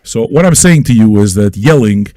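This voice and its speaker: A man hosting an independent online radio show, ranting crudely and loudly at his listeners and repeating himself as he goes. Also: on the low side, expressive, moderate pace, slight background noise. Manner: loud, manic and crude, with yelling and repetition; talks straight at listeners with repeated questions. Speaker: internet radio host. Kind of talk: profane ranting monologue.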